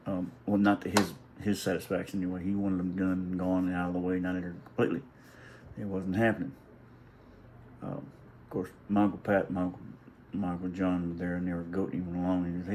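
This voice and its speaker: A man's voice: sits low, completely flat delivery, brisk, a little mellow, slight background noise, poor audio. A middle-aged man telling a family story in a casual, rambling, folksy way, restarting often and swearing now and then. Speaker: vlogger.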